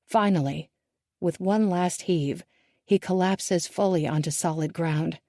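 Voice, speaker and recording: A woman narrating a first-person thriller audiobook in a measured, hushed and tense manner. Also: lowish voice, dry recording, studio quality.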